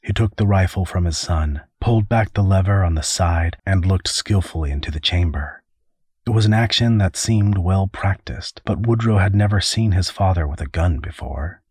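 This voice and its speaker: This audiobook narrator is a man with a very low, husky voice, telling a scripted story at a steady, normal pace. The recording is dry and close-miked.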